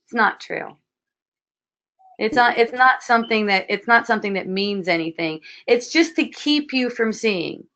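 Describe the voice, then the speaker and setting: A woman hosting an online spiritual dialogue, speaking gently and repetitively, often asking "see?". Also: on the high side, moderate pace. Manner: soft, repetitive, frequently asks "see?". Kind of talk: gentle spiritual guidance talk. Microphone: video call.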